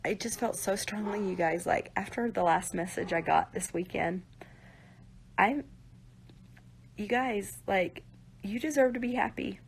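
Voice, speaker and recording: A woman's voice: mid-range voice, measured pace, gravelly, long pauses, slight background noise. A woman on a live stream, talking to viewers in an earnest, direct way and often saying "you guys" and "like". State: near tears at times.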